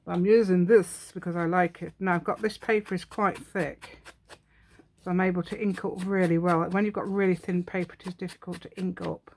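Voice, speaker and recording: Woman doing a craft tutorial, kinda low voice, rambles n laughs a lot. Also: fairly even intonation, a little fast, darkish tone. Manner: rambling, talks to herself, laughs often. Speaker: craft channel host.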